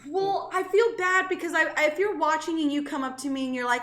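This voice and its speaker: A woman's voice: high-pitched, a little fast, a bit bright, echoey room. A woman in her thirties from Southern California, co-hosting a casual podcast and talking candidly, with lots of fillers and restarts. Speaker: co-host.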